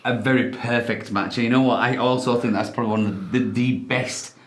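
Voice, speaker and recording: A man's voice: medium pitch, fairly even intonation, fairly quick. A man co-hosting a casual wine-tasting chat, hesitant and full of restarts, laughing easily. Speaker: wine review co-host. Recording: echoey room.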